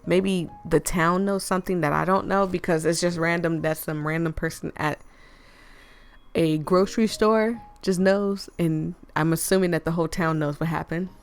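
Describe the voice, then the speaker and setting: A woman's voice: fairly low pitch, fairly even intonation, normal speed. Woman gaming on stream, slangy chatty, lil music in the back. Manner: chatty, slangy, laughs a lot. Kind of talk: casual gameplay commentary.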